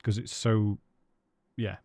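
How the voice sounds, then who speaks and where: A man's voice: fairly low pitch, level tone, takes it slowly, heavy background noise. A British man live-streaming a hunting game, chatting casually with his viewers and greeting them by name.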